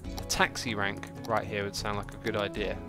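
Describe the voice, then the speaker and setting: A man giving casual, chatty livestream commentary while building a city in a game, reacting out loud to it and answering chat. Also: on the low side, level tone. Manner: chatty, talks to the game and to chat, quick exclamations. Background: faint background music.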